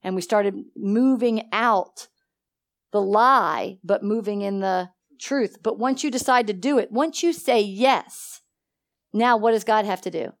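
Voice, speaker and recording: A woman teaching a church Bible study with animated energy, laughing often and acting out conversations. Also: mid-range voice, a little slow. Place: church meeting room.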